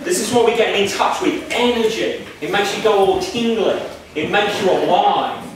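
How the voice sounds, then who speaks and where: A man's voice: sits high, moderate pace, very echoey, slight background noise. A man giving a spiritual workshop lecture in an emphatic, repetitive, preacher-like way, recorded on a distant mic in a lecture room.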